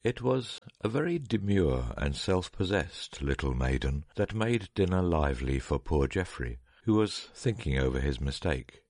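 A man reading a story aloud in a measured, dramatic narration. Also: deep voice, sing-song, darkish tone, no room sound, clean studio sound.

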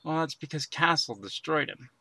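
A man's voice: a little high, expressive, moderate pace, sharp tone, husky, no echo. A man co-hosting a crude comedy chat, bantering in a goofy way. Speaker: podcast co-host.

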